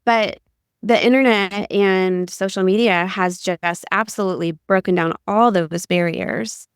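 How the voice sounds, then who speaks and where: A middle-aged woman from Ohio talks in a chatty, rambling way, full of "like"s. Her voice is smooth and clear, recorded close and dry with no room sound. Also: mid-range voice, fairly even intonation, unhurried, no echo. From Ohio, USA. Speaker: podcast co-host. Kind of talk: casual conversation.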